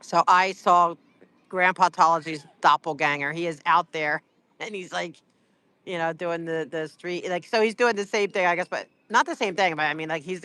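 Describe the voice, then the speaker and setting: Casual livestream host, teasing and rambly; bright, forceful voice, dry close phone sound. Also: medium pitch, smooth, dry recording. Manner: rambling, full of "like" and "you know"; teasing, chatty. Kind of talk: casual livestream chat with viewers.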